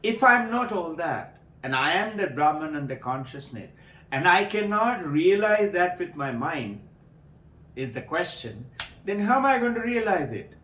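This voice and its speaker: A man giving a spiritual talk to devotees, telling a parable with lively acted-out voices. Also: high-pitched, a little slow, reverberant, rough recording. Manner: animated storytelling, acts out voices in parables. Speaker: spiritual teacher.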